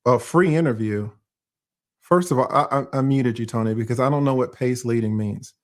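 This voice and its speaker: A man hosting a legal commentary live stream, calm and measured as he explains himself. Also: medium pitch.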